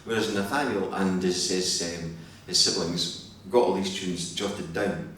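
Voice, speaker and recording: A Scottish man, a fiddler, giving reflective, measured answers as a guest in a live interview in a hotel hall. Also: sits low, steady tone, fairly bright tone. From Scotland. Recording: very echoey hall from far off, faint hum.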